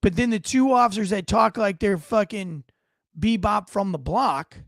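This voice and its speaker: A man's voice: sits high, moderate pace, creaky, no room sound, clean studio sound. A middle-aged man, a former police officer, giving blunt, profane and indignant video commentary.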